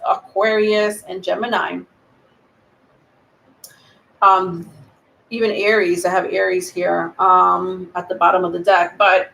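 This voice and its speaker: A woman giving a live tarot reading, rambling and thinking aloud with many pauses and ums. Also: medium pitch, creaky, fairly bright tone. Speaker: tarot reader. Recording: roomy echo.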